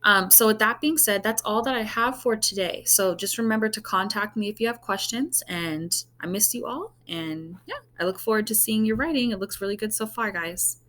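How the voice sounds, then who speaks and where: A woman's voice: mid-range voice, normal speed, fairly bright tone. A woman teacher walks her class through a recorded online lesson. She is patient and goes step by step, checking in with "okay?" again and again.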